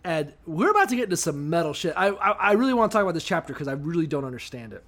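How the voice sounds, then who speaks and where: A man hosting an irreverent comedy chat, reading passages and riffing with crude jokes. His voice is a bit higher than most men's and swings around animatedly. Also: very fast. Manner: profane, joking, animated. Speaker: podcast co-host.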